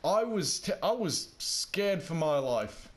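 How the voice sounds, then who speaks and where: A man with a slightly high voice chats casually as he plays a game. He tells his story in a rambling, self-deprecating way and drifts off on tangents. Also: very animated, slow. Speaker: gaming vlogger.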